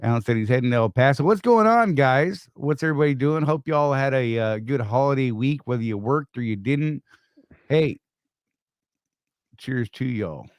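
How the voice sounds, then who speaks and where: A man's voice: medium pitch, moderate pace, a little mellow, smooth, no echo. Joking older man with a dry sound. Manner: joking, teasing, greets viewers by name. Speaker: live stream co-host. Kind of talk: casual live stream chat.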